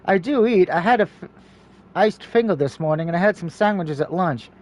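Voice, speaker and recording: A man with a high, light voice reads a story game aloud for his viewers. He keeps a steady reading pace, then slips into quick, jokey asides of his own before going back to the text.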